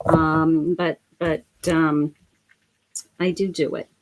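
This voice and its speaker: A middle-aged woman giving a live psychic reading, speaking gently and emotionally with many pauses and fillers. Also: low voice, little pitch movement. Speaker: psychic medium.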